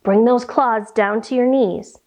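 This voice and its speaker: A woman reading a picture book aloud and leading children through yoga poses in a slow, sing-song, animated way. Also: a little high. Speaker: kids' yoga teacher reading a story. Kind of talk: storytime yoga lesson for children.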